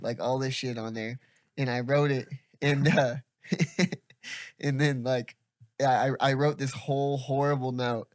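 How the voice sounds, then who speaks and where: A man's voice: mid-range voice, fairly even intonation, unhurried, dry recording, studio quality. Rambling, swearing young man. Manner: rambling, laughs often, swears freely. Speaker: podcast host. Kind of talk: casual storytelling chat.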